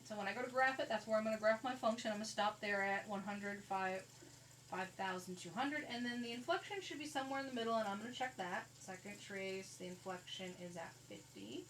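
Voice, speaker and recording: A woman with a mid-range, slightly bright voice gives a recorded classroom math lecture, speaking fairly quickly and plainly as she walks through each calculator step in a conversational way. The poor audio comes from a distant mic, leaving her a bit off-mic with a faint hiss underneath.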